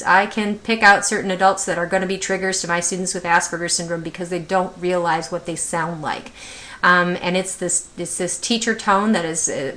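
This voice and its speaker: A woman's voice: medium pitch, pushed and bright. Chatty woman giving a teacher training. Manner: conversational, many fillers, asks rhetorical questions. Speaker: autism specialist presenting a teacher training. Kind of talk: recorded training lecture.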